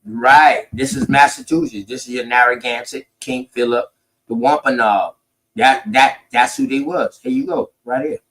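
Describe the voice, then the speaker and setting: A man's voice: medium pitch, steady tone, moderate pace, a bit bright, poor audio. A man, talking through history in a casual, profane, emphatic way. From South Carolina, United States. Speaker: podcast host.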